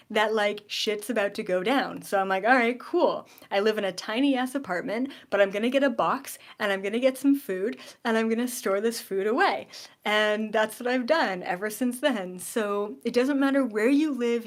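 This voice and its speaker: A woman with a Canadian accent hosting her own vlog, chatting casually to viewers with frequent ums and a relaxed, confiding tone. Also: fairly high pitch. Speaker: channel host. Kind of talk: casual direct-to-camera vlog.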